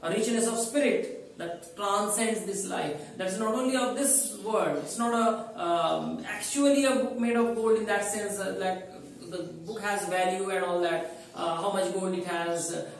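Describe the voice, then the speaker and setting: A man's voice: sits high, measured pace, few pauses, recorded from a distance, a little hiss or hum. A man, teaching a poem line by line in an explanatory, repetitive way. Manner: explanatory, repetitive, stressing key words. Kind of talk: line-by-line poetry lecture. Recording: echoey room, voice from the mic.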